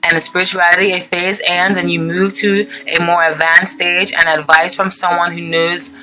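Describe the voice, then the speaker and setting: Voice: medium pitch, little pitch movement, normal speed, sharp tone, slight background noise, poor audio. A tarot reader in a casual, rambling style who keeps checking in with viewers by asking "okay?" and reads card meanings aloud between asides. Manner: chatty, rambling, many "okay?" check-ins.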